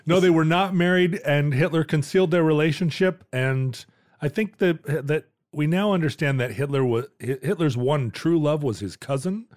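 A man's voice: fairly high pitch, normal speed, a little mellow, no room sound. A man co-hosting a podcast, earnest with dry asides in casual chat.

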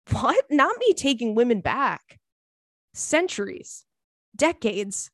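A woman hosting a podcast in casual chat, an animated, chatty storyteller who breaks into playful squeals. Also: fairly high pitch, normal speed, dry recording, clean studio sound. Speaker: podcast host.

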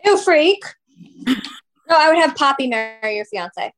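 A woman's voice: high voice, lively intonation, a bit bright. A woman co-hosting a podcast, chatting casually in a sassy, teasing way. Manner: sassy, teasing, quick reactions. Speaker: podcast co-host.

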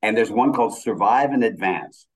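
A man's voice: on the low side, moderate pace, rough recording. An older man, a film director, chatting casually in an interview and telling stories with enthusiasm. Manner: animated, enthusiastic storyteller.

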